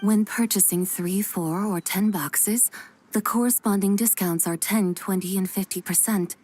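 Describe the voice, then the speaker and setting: A woman playing a calm analytical young woman. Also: medium pitch, slight background noise, natural voice. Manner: measured, precise, analytical. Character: calm, cerebral young woman reasoning aloud. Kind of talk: video game voice acting. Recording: game audio with faint music.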